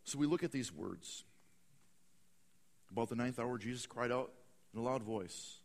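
A man preaching a sermon, swinging from hushed, slow lines to loud, dramatic bursts. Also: medium pitch, vocal fry, long reverb tail. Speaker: pastor.

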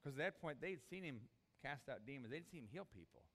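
A man preaching a sermon, animated, acting out the disciples' desperate cries. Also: mid-range voice, brisk. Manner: animated, acts out voices of the disciples. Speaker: pastor.

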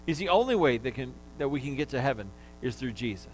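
A pastor delivers a sermon to his congregation in a mid-pitched male voice. He teaches patiently and asks the listeners to repeat words back to him. He lightens the lesson with small jokes. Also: very animated, quick pace, a little hiss or hum, rough recording.

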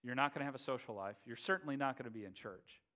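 A man preaching a sermon, lively and humorous, acting out scenes. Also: mid-range voice, quick pace. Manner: animated, acts out biblical figures with playful humor. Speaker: pastor.

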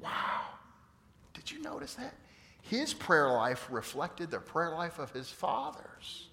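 Animated fifty-something preacher in a hall. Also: male voice, on the high side, slow pace, gravelly. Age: 50s. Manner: animated storytelling, swings from loud to hushed. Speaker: pastor. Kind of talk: sermon. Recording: long reverb of a large hall.

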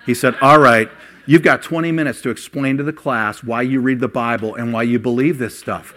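An older man preaching a sermon, voice rising for emphasis and dropping low while he tells personal stories. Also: fairly even intonation, a little fast, bright, forceful tone. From Ohio. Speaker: pastor.

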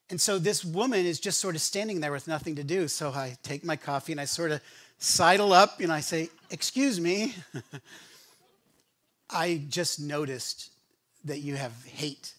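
Male pastor, slightly high voice, chatty storytelling sermon, stumbles and restarts often. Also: a bit bright. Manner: storytelling, conversational with many restarts. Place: church sanctuary.

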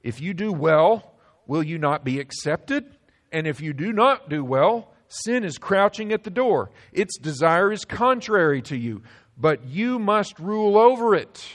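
A male pastor preaching a sermon, swinging between loud emphasis and sudden hushed drops. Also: sits high, big pitch swings, unhurried.

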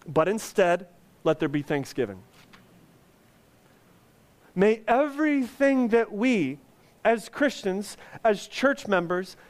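Male pastor, high voice, slow deliberate delivery, earnest sermon, joking asides. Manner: earnest, conversational preaching with humor.

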